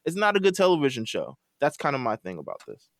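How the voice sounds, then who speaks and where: A man's voice: medium pitch, wildly swooping pitch, fast, vocal fry, no room sound, studio quality. A man on a casual chat podcast, talking emphatically and repeating his points. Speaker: podcast panelist.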